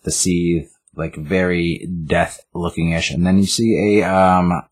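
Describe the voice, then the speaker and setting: A man co-hosting a casual podcast, recapping a comic in an animated, rambling way. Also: sits low, takes it slowly, breathy edge. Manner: animated, rambling, voices characters. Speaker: podcast co-host.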